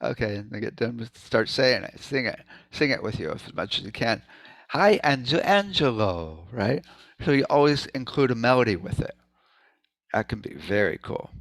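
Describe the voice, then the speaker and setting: A man's voice: medium pitch, normal speed, vocal fry, fairly bright tone, no room sound. A man giving an informal presentation, talking loosely with many asides and demonstrating hums and rhythm syllables aloud. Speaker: presenter at a sound healing meeting.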